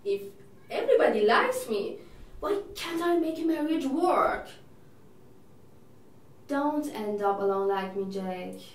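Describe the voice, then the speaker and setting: Auditioning with a monologue, a woman voices a divorced older sister who is neurotic and chatty, rambling and fretting in a self-absorbed way. Her voice is a little high and animated, slow, with frequent pauses; the echoey room and far-off mic are audible.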